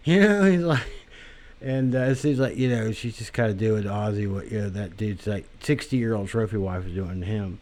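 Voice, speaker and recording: A man's voice: lowish voice, normal speed, darkish tone. A man delivering a rambling, profane solo monologue with crude language, drifting tangents and many fillers. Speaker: podcast host.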